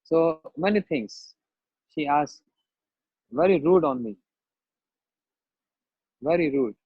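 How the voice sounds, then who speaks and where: A spiritual teacher with a slightly high, husky, expressive voice delivers a devotional sermon at a slow pace, slipping into a personal story and acting out the other people's voices in it. His English carries a non-native turn of phrase. The recording is dry and muffled, with no room sound or echo.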